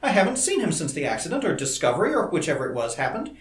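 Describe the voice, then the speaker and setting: A man's voice: fairly high pitch, big pitch swings, fast talker, pitched above the performer's own voice. A man reading an audiobook, voicing an anxious, hurt young woman in a raised voice. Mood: puzzled. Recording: roomy echo.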